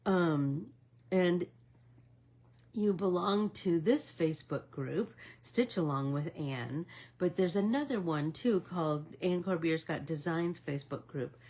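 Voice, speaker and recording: A middle-aged woman hosts a relaxed stitch-along stream, talking at an unhurried pace as she works. Her voice sits a little low and has a husky edge. She chats casually and drifts into soft asides. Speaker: embroidery stitch-along host. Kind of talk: casual livestream chat while stitching.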